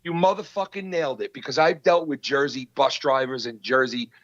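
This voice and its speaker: A man's voice: medium pitch, fairly quick, highs cut off, a little hiss or hum. Profane New man telling a story. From New York. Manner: profane, heated, animated retelling. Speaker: podcast host. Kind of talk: casual podcast storytelling.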